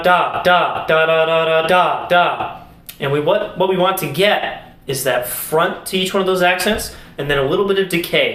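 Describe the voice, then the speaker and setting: Young man teaching music in an echoey room. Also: fairly high pitch. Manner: relaxed, explains while demonstrating on an instrument. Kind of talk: casual video lesson.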